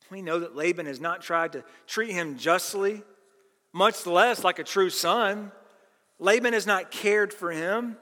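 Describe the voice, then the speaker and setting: A man's voice: high-pitched, measured pace, bright, forceful tone. A male pastor preaching a sermon, explaining scripture with an emphatic, earnest teaching tone. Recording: long reverb of a large hall.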